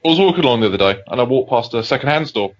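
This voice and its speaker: Man, podcast co-host, casual chat, self-deprecating storyteller, middle pitch, lo-fi sound. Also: lively intonation, rapid-fire. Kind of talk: casual chat, rambling joke-telling.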